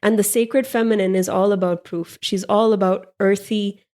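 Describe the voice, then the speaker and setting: A woman's voice: medium pitch, fairly even intonation, moderate pace, darkish tone. A woman hosting a podcast, giving a playful, irreverent spiritual monologue with frequent laughs. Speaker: podcast host.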